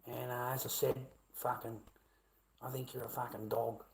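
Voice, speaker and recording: A man's voice: mid-range voice, little pitch movement, normal speed, gravelly. A middle-aged man with an Australian accent ranting bluntly at his live chat, swearing heavily and repeating himself. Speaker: livestreamer.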